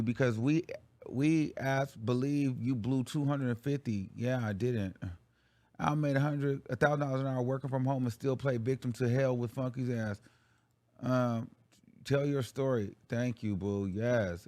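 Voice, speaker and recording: A man's voice: fairly low pitch, dry recording. Blunt, profane man hosting a livestream. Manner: blunt, profane, talks straight to viewers. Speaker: livestream show host. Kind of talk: casual livestream talk.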